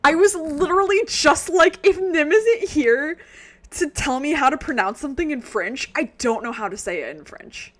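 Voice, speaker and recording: A woman's voice: high voice, lively intonation, moderate pace, hardly any pauses, a bit bright. An American woman streaming a game, chatting casually and laughing often between jokey asides. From United States. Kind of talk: casual let's-play commentary.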